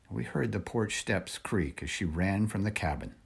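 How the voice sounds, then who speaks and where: A man reading a children's storybook aloud in a measured, expressive way. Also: lowish voice, creaky, slightly rough. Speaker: reader.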